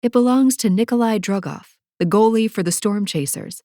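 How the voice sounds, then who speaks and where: A woman narrating a first-person romance audiobook in a measured, wry storytelling manner. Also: medium pitch, mellow, dry recording, studio quality.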